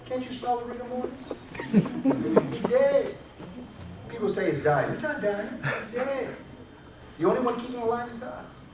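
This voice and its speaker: A man's voice: extremely high pitch, expressive, quick pace, hardly any pauses, far from the mic. A man giving a public lecture to an audience, emphatic and preacher-like, driving his points home with repetition. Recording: echoey hall, recorded from afar, noisy.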